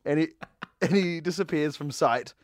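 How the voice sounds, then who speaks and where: Higher-voiced man in a dry room. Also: moderate pace, no room sound. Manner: laughs often while joking. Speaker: podcast co-host. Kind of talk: casual movie chat.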